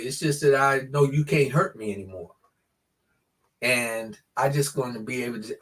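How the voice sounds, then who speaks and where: A man in his sixties, a podcast guest telling his life story in an earnest, halting way with frequent restarts. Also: mid-range voice, a bit bright, distant mic. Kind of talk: personal storytelling in an interview.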